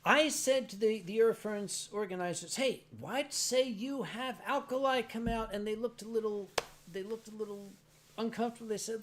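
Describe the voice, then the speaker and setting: A man's voice: high-pitched, normal speed, slight background noise. A man hosting a casual drinking show, joking and slipping into mock foreign words. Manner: joking, slips into mock German and chanting. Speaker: host.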